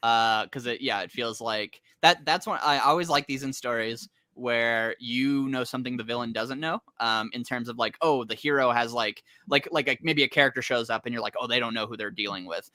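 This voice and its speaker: A man's voice: mid-range voice, a little fast, hardly any pauses, sharp tone, dry recording. A man co-hosting a casual comics chat, rambling with lots of filler words and frequent laughs. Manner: rambling, heavy use of "like" fillers; laughs often. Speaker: comic podcast co-host.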